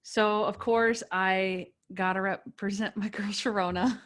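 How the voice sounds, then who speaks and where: A woman's voice: medium pitch, fairly even intonation, unhurried, a bit bright. A woman hosting a podcast, chatting enthusiastically and acting out quoted lines. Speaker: podcast host. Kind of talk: casual podcast chat.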